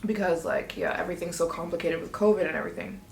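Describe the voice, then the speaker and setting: A woman telling a story in a casual vlog, chatty and excitable, often acting out what she and others said. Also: on the low side, fast, vocal fry, a little hiss or hum. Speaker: travel vlogger. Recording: echoey room.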